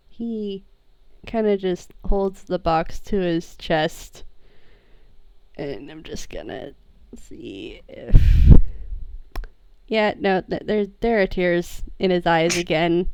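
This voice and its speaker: A woman playing in a tabletop role-play game, talking in an excitable way, laughing and restarting her words. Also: fairly low pitch, slow pace, clear, resonant tone. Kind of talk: casual role-play chat.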